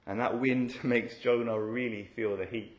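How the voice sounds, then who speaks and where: A man preaches in a middle-pitched, conversational voice and often checks in with his listeners through rhetorical tag questions. His voice bounces around a roomy, echoey space. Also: fairly even intonation, moderate pace. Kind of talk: expository sermon.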